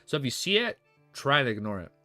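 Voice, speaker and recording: Bright-voiced man reading on stream. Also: mid-range voice, dry recording, faint music behind. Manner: reads quickly then breaks into excited swearing reactions. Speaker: livestreamer reading a novel aloud. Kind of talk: live-stream reading with casual chat.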